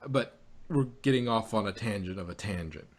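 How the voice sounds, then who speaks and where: A man's voice: fairly low pitch, brisk. A man co-hosting a casual review chat, rambling with many restarts and frequent laughs. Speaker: podcast co-host.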